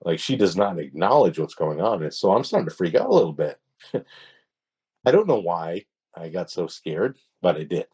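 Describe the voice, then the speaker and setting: A man, a podcast guest, tells a story in a casual, halting way, often restarting his sentences. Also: deep voice, sing-song, mellow, husky. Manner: hesitant, halting, with many restarts.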